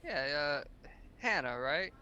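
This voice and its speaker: A man's voice: fairly high pitch, very animated, slow pace, sharp tone, highs cut off. A man playing in a tabletop game, talking in a laid-back, easygoing way in character. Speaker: player. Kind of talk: casual role-play banter.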